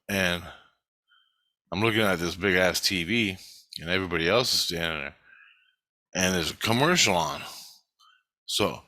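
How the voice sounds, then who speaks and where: A man telling a dream in casual, profane storytelling, swearing constantly and getting animated as he retells it. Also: low-pitched, no room sound.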